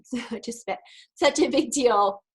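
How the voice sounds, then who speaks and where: Chatty woman presenter, slightly high voice. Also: takes it slowly, low-quality recording. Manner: conversational storytelling with laughs; partly reading prepared remarks. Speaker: NLP practitioner and speaker. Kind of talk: virtual conference presentation.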